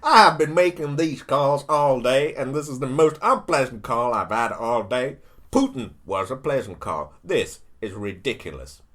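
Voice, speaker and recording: A man doing a low, loud, whiny impression of a blustering, complaining older male president. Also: lively intonation, moderate pace. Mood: indignant.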